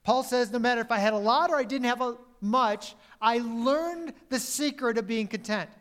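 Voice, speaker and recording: High-voiced pastor preaching with swings. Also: male voice, normal speed. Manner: preaching with emphatic swings from loud to quiet; self-correcting mid-sentence. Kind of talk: sermon.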